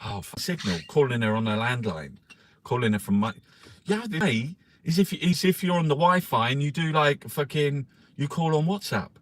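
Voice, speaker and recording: A man hosting a casual newspaper review. He swears constantly, rambles with lots of restarts and fillers, and reads headlines out louder. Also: lively intonation, moderate pace, a little hiss or hum. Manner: louder and higher when reading headlines. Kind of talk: casual live-stream chat, reading headlines aloud.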